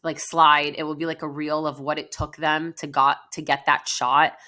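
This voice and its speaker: Low-voiced woman counselor chatting. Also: level tone, normal speed, pushed and bright. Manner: earnest, chatty, many fillers. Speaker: podcast co-host, counselor. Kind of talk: casual podcast conversation.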